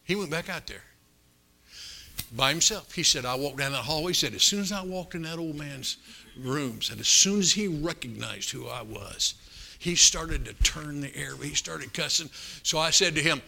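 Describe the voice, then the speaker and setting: An older man preaching a sermon, telling stories in a folksy, animated way with sudden loud bursts. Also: fairly high pitch, normal speed, vocal fry. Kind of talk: storytelling sermon.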